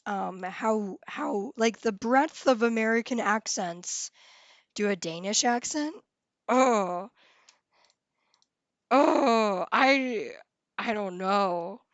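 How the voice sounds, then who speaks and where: A woman's voice: mid-range voice, no room sound, dull audio. A woman hosting a live stream, chatting casually and giggling as she reads viewers' comments.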